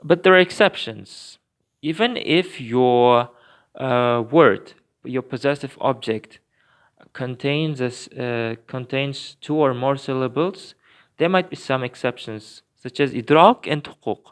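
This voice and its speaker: A man explaining grammar in a recorded lesson, careful and patient, often pausing with fillers and restarting his sentences. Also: mid-range voice, clear, resonant tone. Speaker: language teacher.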